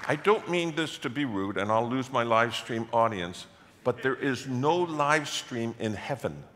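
Male pastor, bright forceful delivery, story-driven sermon in a reverberant church hall. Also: mid-range voice, a little slow, a faint crowd, a little hiss or hum. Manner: storytelling, acts out quoted voices, builds to loud animated passages. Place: church sanctuary.

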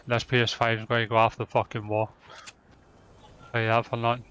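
A man's voice: medium pitch, completely flat delivery, fairly quick, a bit bright, smooth, lo-fi sound. A man giving angry, swearing commentary while playing a shooter game. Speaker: gamer. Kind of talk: gameplay commentary.

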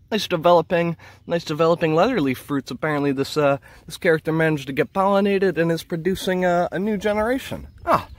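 A man's voice: fairly high pitch, no echo. A man filming a walking plant tour outdoors in a peat bog on his handheld camera. He talks in an enthusiastic, rambling way and marvels aloud at the plants. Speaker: nature vlogger.

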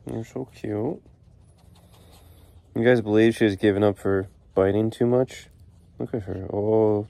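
A man's voice: on the low side, fairly even intonation, measured pace, gravelly, dark tone, no room sound. A man keeping an animal sanctuary, chatting casually to viewers as he feeds the animals and talking to them affectionately. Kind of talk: casual vlog while feeding animals.

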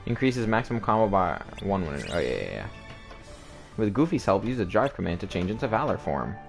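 Streamer man, excitable joker narrating his playthrough, very animated voice, game audio behind. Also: on the low side, brisk, creaky. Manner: joking, excitable, talks over cutscenes. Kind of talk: let's play commentary. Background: game music.

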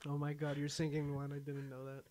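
A man's voice: on the high side, monotone, a little fast, darkish tone. A young man hosting a casual let's-play, laid-back and swearing freely. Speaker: gaming channel host.

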